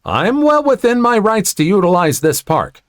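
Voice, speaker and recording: A fed-up young mother stands her ground with clipped, indignant replies, as a man puts her on. The voice sits high and swings widely, and the sound is close and dry. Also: big pitch swings, normal speed, no room sound. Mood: firm. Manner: indignant, sharp retorts.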